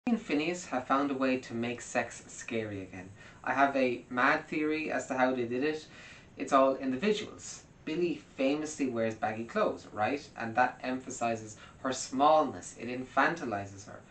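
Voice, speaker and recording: A man's voice: moderate pace, fairly bright tone. A man giving a wry, analytical music commentary as scripted narration. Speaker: music video essayist. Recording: roomy, distant mic with faint rumble.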